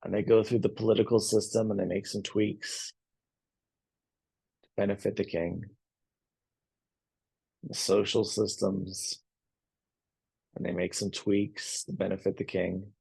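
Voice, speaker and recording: A man teaching a yoga class, telling a story in a calm, unhurried way between posture cues. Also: on the low side, vocal fry, husky.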